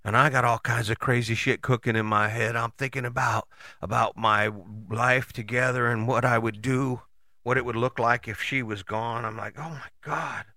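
A man giving a casual motivational talk, conversational and animated, with frequent rhetorical questions and the odd curse word. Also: medium pitch, normal speed, no room sound, studio quality. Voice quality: casual, swears freely. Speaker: motivational host. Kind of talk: motivational monologue.

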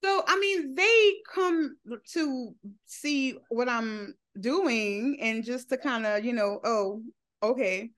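A social media creator appears as a guest in a casual interview, and her voice sits on the high side, animated and a bit bright, though she takes her time. She talks candidly about her life in loose, run-on phrasing, laughing often as the story unfolds.

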